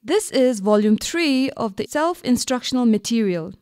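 A woman teacher from Bhutan walks young listeners through a radio lesson, slow and patient. Her voice sits a bit high and swings widely in pitch, and the recording is dry and close. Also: expressive, a little mellow, clear, resonant tone, no room sound. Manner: slow, patient, asks questions and answers them. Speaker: primary school teacher.

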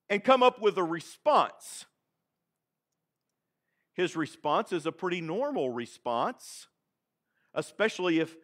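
A man with a Texan accent preaching a sermon in church, dramatic and animated, calling on the congregation to answer back. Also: high-pitched. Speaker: pastor. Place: church sanctuary.

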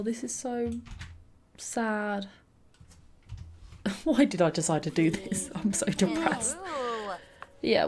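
A young woman hosting a let's play, chatting and reacting aloud to the game with frequent little laughs. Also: medium pitch. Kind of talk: gameplay commentary.

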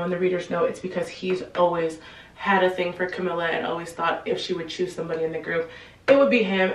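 A chatty young-sounding woman with a fairly low voice tells a story in casual slang, jumping into quick impressions of the characters. She sits a little back from the mic in an echoey room. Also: a bit bright, recorded from a distance. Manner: chatty, slangy, acts out quotes in quick bursts. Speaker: book explainer. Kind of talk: casual book recap. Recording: roomy echo, a bit off-mic.

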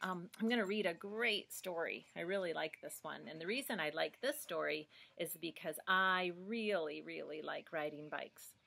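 A woman's voice: on the low side, moderate pace, gravelly, hardly any pauses. A woman reading a picture book aloud to children, encouraging them and asking them questions. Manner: warm, encouraging, asks the listener questions.

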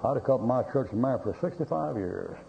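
Blunt, joking preacher on a dull old tape. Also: male voice, medium pitch, expressive, fast talker, gravelly. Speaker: pastor. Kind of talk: sermon with folksy anecdotes. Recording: dull lo-fi recording with faint hiss.

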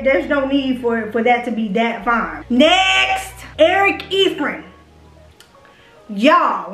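A woman's voice: high-pitched, sharp tone. A young woman, chatting on a vlog about who she would date, gushing and profane as she teases her viewers. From Houston, Texas. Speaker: vlogger. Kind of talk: casual chat, smash-or-pass reactions. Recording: echoey room, faint music.

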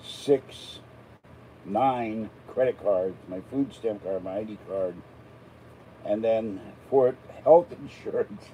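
A man's voice: fairly low pitch, slow pace, dark tone, a little hiss or hum, rough recording. An older man from Pittsburgh, chatting casually and rambling between topics as he unboxes an item. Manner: chatty, digressive, self-deprecating asides. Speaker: unboxing vlogger.

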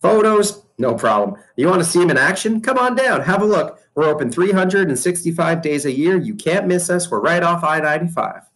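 A man reading aloud voices a hot-tempered middle-aged mall owner, talking loud and pushy. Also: animated, fairly quick, hardly any pauses, rough recording. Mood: eager salesman. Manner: loud, high-pitched and pushy.

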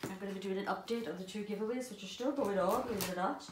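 A woman's voice: mid-range voice, racing, roomy sound, noisy background. Gushing woman unboxing dolls. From Ireland. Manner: gushing, excitable, talks to viewers. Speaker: doll collector vlogger. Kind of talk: casual unboxing vlog.

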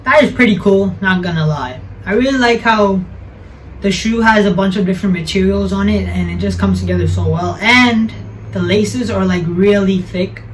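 A man's voice: high voice, moderate pace, distant mic, a little hiss or hum, low-quality recording. A young man chatting casually as a sneaker vlogger, slangy and correcting himself as he goes.

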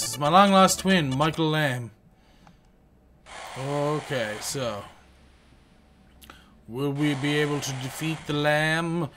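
A man hosting a video game let's-play, with excitable, crude joking commentary. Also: on the high side, a little hiss or hum. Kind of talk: gameplay commentary. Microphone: headphones on, home setup.

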